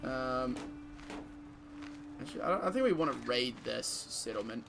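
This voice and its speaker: Background noise sits under this streamer's animated mid-range voice, which has some vocal fry and moves at normal speed. He narrates game events in casual commentary, swearing, joking, and breaking into frequent laughter.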